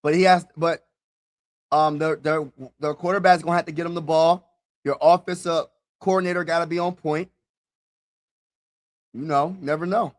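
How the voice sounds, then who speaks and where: A young man hosting a live draft reaction stream, talking casually and excitedly straight to his viewers and repeating himself. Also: a little high, normal speed, pauses often.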